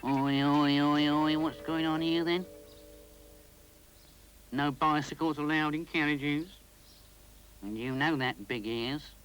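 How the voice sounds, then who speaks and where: A gruff male train guard who scolds loudly, voiced by a man reading a storybook. He grumbles and lays down the rules. His voice is blunt and commanding. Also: a little high, fairly even intonation, slow pace, long pauses, pitched above the performer's own voice, low-quality recording. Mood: scolding.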